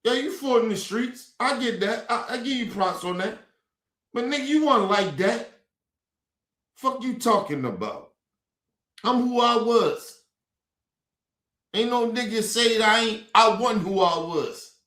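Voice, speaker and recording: A man ranting angrily and profanely on a livestream, repeating himself and breaking into shouts. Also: very high voice, lively intonation, unhurried, pauses often. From Baltimore. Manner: angry, profane, repetitive, shouting bursts. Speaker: streamer. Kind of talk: heated livestream rant. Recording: roomy echo.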